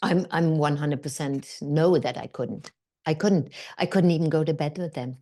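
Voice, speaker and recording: A woman actor telling stories as a podcast guest, animated and full of fillers. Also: sits low, normal speed. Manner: animated, acts out quotes, many fillers. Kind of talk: conversational storytelling.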